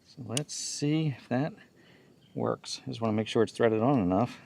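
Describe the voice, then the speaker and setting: A man talking through a do-it-yourself job as he goes, in a steady mid-range voice. He explains each step in plain words and thinks aloud about what to try next, like a relaxed home-repair host. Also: mid-range voice, moderate pace, vocal fry, a little hiss or hum. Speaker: DIY channel host. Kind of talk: casual how-to narration.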